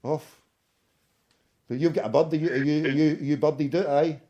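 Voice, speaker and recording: A man's voice: fairly high pitch, fairly even intonation, a little slow, warm tone, muffled recording. A Scottish man in casual chat, blunt and profane, dropping "mate" often. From Scotland.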